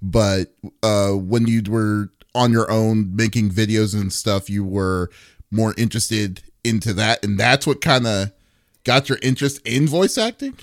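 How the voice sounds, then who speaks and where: A man's voice: on the low side, measured pace, no room sound, studio quality. A man interviewing a guest, asking questions with hesitant restarts. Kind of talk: casual interview.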